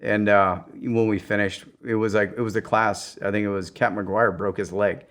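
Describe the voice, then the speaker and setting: A lively man with a lowish voice, telling training stories on a podcast. He jumps into loud acted-out quotes and swears often, laughing as he goes. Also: moderate pace. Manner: animated storyteller who acts out quotes in raised voices. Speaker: podcast guest, special ops veteran. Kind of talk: casual storytelling.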